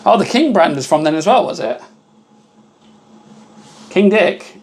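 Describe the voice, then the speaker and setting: A man's voice: high voice, expressive, a little slow. A British man hosting a casual live stream from his workshop, chatty and upbeat, thanking viewers by name. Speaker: livestream host.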